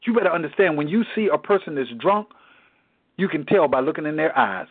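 A man teaches scripture in a preaching style, pressing his points with emphatic repetition. His voice sits fairly high and sounds husky. It comes through a tinny, phone-like line. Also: animated, a little fast. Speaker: Bible study teacher. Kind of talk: preaching-style Bible study.

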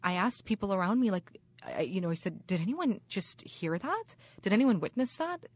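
A woman, a university chaplain, recounting a personal experience in a measured, polite way. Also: mid-range voice, sing-song, husky.

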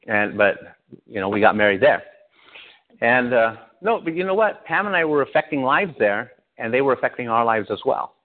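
A pastor from Southern California giving an animated personal testimony, often laughing as he tells it. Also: mid-range voice. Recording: tinny phone-like sound.

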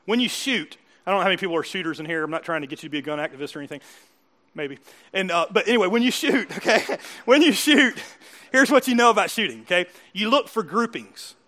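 A man preaching a sermon in a conversational, animated way, often laughing and acting out quotes. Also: high voice, quick pace. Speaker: pastor.

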